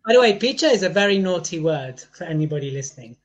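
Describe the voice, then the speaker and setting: A man's voice: on the high side, very animated, fast, slight background noise. A man hosting a podcast, chatting in a playful way and teasing his co-host. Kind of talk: casual podcast chat.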